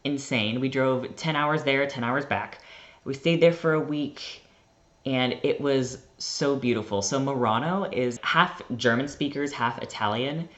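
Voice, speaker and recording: A man's voice: medium pitch, measured pace, fairly bright tone, lo-fi sound. A young American man telling a rambling, chatty story to his vlog audience. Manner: chatty, rambling, heavy use of "like". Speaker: vlogger.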